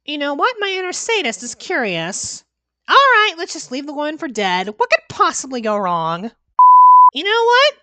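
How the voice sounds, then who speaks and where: A woman streamer riffs on a horror game with playful sarcasm and big reactions. Her high, bright voice swoops over a wide range and often slows down for effect. It is recorded close and dry. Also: very animated, no room sound. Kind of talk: let's-play horror game commentary.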